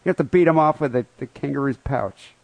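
A man's voice: mid-range voice, fast talker, creaky, a little mellow, no room sound. A man co-hosting a comedy podcast, telling a news story in crude, profane banter with mock outrage. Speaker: podcast co-host.

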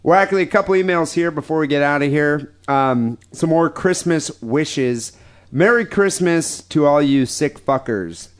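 A man's voice: fairly high pitch, expressive, measured pace, smooth. A man hosting a podcast, reading listener emails aloud with crude, profane, joking banter. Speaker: podcast host.

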